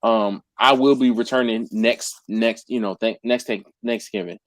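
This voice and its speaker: A man's voice: lowish voice, steady tone, normal speed, no room sound, studio quality. A man who hosts a barbecue channel, telling stories in a casual live group chat. He talks in slang and acts out his customers' messages. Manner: uses slang like "yo", "fam", "dog". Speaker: BBQ caterer and channel host.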